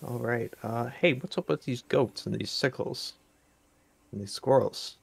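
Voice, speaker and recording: A man playing a tabletop game, speaking very slowly with a gravelly, creaky edge. He hesitates often, restarting his sentences. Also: mid-range voice, no room sound. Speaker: player.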